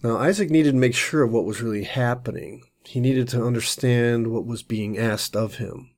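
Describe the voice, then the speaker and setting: A man's voice: medium pitch, moderate pace. A man giving an earnest Bible teaching, explaining the text at length and often restarting his phrases. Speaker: Messianic teacher.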